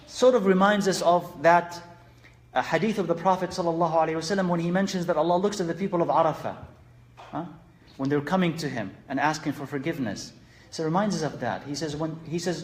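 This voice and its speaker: A man giving an earnest religious lesson, asking rhetorical questions and mixing Arabic phrases into his English. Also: fairly high pitch. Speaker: Islamic teacher.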